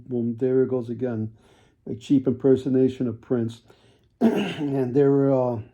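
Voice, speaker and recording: A man selling toy cars in a casual video, with folksy sales patter, repeated words and frequent throat clearing. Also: mid-range voice, mellow. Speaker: toy car seller.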